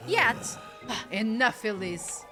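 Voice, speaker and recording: A stern older priest, as a woman plays him, reproachful and scolding. The voice drops lower than her own and carries firmly, with game music underneath. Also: sing-song, takes it slowly. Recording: game music playing behind.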